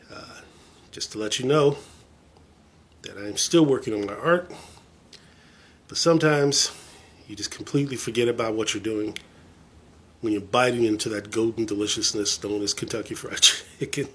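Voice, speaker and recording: A man's voice: on the low side, normal speed, long pauses, a bit bright, husky. A man chatting casually to camera as a vlogger, rambling and enthusiastic with a self-deprecating streak. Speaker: vlogger showing his record collection.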